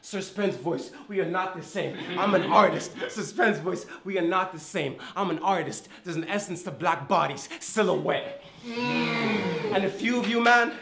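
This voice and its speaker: A man's voice: high-pitched, normal speed, vocal fry, few pauses, a crowd in the background. An Irish-born man with an American accent performing taunting rap battle verses with boastful punchlines. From Ireland. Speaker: battle rapper. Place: indoor battle venue. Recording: roomy echo.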